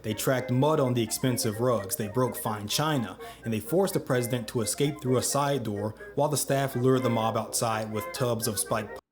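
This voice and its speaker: A man's voice: medium pitch, moderate pace, few pauses. A man giving scripted history narration, with wry joking asides. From United States. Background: background music.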